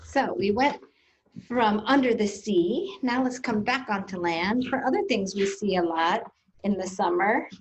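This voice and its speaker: A woman librarian leading a playful, animated storytime for preschoolers. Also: medium pitch, unhurried, slight background noise. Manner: playful, animated, sing-song with kids. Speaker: children's librarian.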